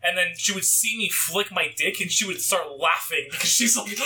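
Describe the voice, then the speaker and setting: Giggly high-voiced guy telling crude stories. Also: normal speed, hardly any pauses, pushed and bright. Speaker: podcast co-host. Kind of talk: casual podcast chat.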